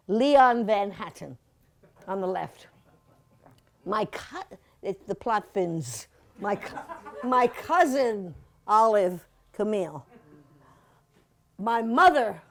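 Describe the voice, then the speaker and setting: A woman in her seventies giving a chatty, playful slide-show talk to a museum audience, full of asides and laughter. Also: mid-range voice. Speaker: guest speaker at a museum talk.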